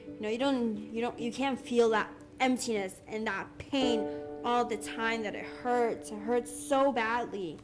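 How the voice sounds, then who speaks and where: A young woman giving candid personal testimony in an earnest, halting way, full of restarts and fillers. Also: a little high, fairly even intonation. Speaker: interviewee sharing her story. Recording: music bed under the voice.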